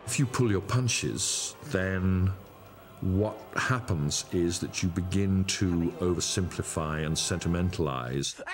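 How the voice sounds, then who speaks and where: Low emphatic filmmaker. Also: male voice, slow pace. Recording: interview with music under it.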